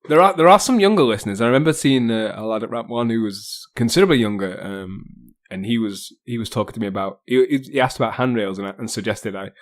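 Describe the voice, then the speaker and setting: A man's voice: mid-range voice, fast, few pauses. An English man hosting a podcast, chatting casually and rambling with many ums and restarts. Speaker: podcast host.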